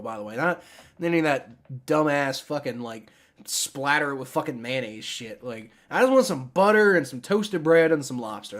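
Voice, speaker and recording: Animated young man streaming, rambling. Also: mid-range voice. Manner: rambling, lots of restarts and swearing. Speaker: streamer reacting to a sports draft. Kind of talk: casual live-stream reaction.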